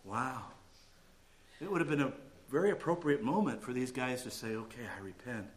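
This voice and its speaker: A male pastor preaching a sermon, animated and conversational, dropping to quiet asides and rising to loud emphatic bursts. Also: mid-range voice, normal speed.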